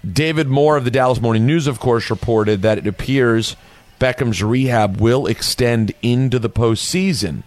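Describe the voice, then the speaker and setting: A man's voice: mid-range voice, normal speed, a little mellow, no echo. A man hosting a sports talk show, chatty and jokey, reading out news items between banter.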